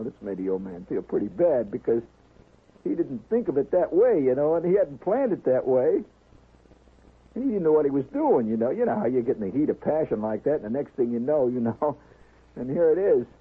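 A man's voice: mid-range voice, lively intonation, brisk, slightly rough. A man telling a long comic story in a rambling way, peppered with "you know" and "see?", as a radio storyteller. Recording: tinny old radio broadcast.

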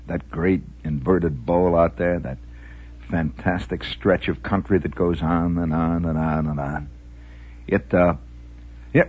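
A man's voice: low-pitched, breathy edge, dull audio. A man from the Midwest telling a rambling, folksy radio monologue with mock-grand asides. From American Midwest, Indiana.

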